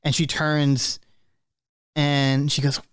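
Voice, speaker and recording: A man's voice: on the high side, takes it slowly, smooth, dry recording, studio quality. Easygoing man running a tabletop game. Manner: relaxed, full of fillers. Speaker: game master.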